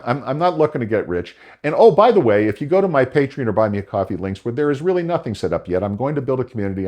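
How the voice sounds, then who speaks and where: A man's voice: mid-range voice, darkish tone. An older man hosting a podcast, giving advice in a rambling, emphatic monologue with emotional asides. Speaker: podcast host.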